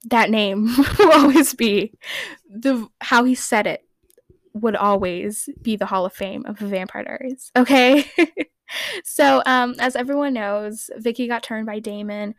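A woman's voice: a little high, a little slow, dry recording. A woman with a slightly raised voice hosts a casual fan recap podcast, rambling along in a giggly, playfully opinionated way. Her voice sits close and dry on the mic. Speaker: podcast host.

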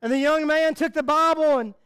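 High-voiced male preacher telling a story. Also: brisk, a bit bright. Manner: earnest storytelling preacher, repeats words. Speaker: pastor. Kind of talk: sermon.

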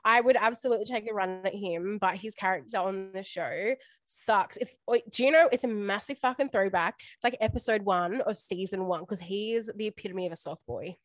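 A woman's voice: mid-range voice, brisk, few pauses, no room sound. Gushing, swearing woman. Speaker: podcast co-host. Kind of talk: casual chat.

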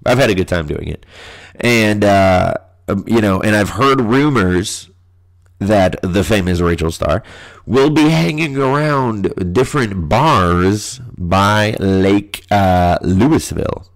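A man talks alone on his podcast, his voice nasal and clogged by a stuffy nose. He rants and swears freely in a loose, casual flow. His voice sits a little low. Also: takes it slowly. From US Midwest. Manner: crude, ranting, profane. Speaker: podcast host. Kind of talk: casual solo podcast monologue.

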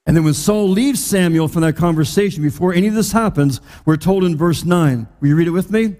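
A man preaching a sermon as pastor, talking conversationally and slowing down to stress the scripture he quotes. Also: fairly high pitch, mellow. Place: church hall. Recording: long reverb of a large hall.

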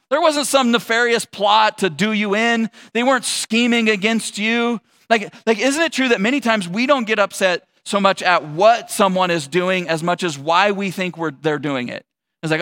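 A male pastor giving a conversational sermon, telling a personal story with animated asides. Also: high-pitched, moderate pace.

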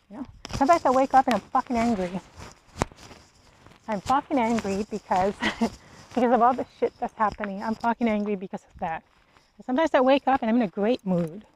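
A woman's voice: fairly high pitch, a little mellow, poor audio. A woman hosting a solo podcast, ranting bluntly with profanity and rhetorical questions. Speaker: podcast host. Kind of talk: solo monologue rant.

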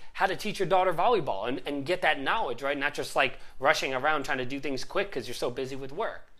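A motivational life coach talking conversationally, with a voice that rises and falls a great deal. The delivery is animated and chatty, and it keeps checking in with the listener with a quick "right?". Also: medium pitch. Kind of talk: motivational talk.

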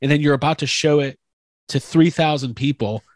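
A man's voice: on the high side, normal speed, dry recording. A young man hosting a podcast interview, asking enthusiastic, rambling questions with lots of restarts. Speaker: podcast host interviewing an actor. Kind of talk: casual interview chat.

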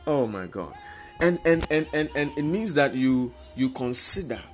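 Fervent male preacher with soft music. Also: a little high, lively intonation, moderate pace. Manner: fervent, repetitive emphatic preaching. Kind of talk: sermon.

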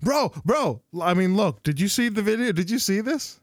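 Animated, high-voiced man chatting and laughing. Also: moderate pace. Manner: animated, laughing, many restarts and fillers. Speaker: podcast co-host. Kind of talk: casual chat.

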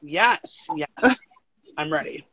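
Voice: medium pitch, no room sound. Young adult interviewee, casual and emphatic, filler-heavy, dry close mic. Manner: emphatic, animated, full of "like" fillers and quick laughs. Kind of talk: casual conversation.

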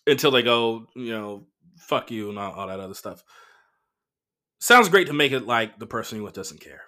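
A man hosting a comedy podcast alone, telling profane relationship stories with animated acted-out quotes. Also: medium pitch, moderate pace. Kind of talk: casual solo monologue.

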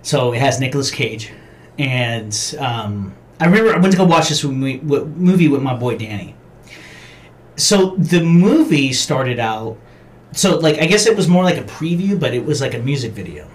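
Man, casual podcast chat, profane, rambling, mid-pitched, faint hiss behind. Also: lively intonation, normal speed. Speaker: podcast co-host.

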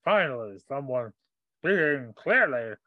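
A man's voice: mid-range voice, big pitch swings, unhurried, no echo, phone-quality sound. A man voicing an impatient, scheming male wizard who runs a smuggling ring in a tabletop game. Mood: bossy.

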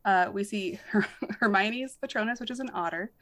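A woman's voice: medium pitch, moderate pace, a bit bright, no room sound. A young woman co-hosting a casual podcast, chatty and laughing often. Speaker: podcast co-host.

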